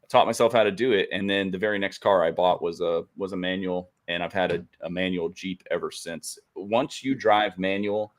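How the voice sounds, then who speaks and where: Co-host, man with a fairly low voice, relaxed chatty storyteller who laughs easily. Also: moderate pace, hardly any pauses. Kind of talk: casual chat. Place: home studio on a live stream.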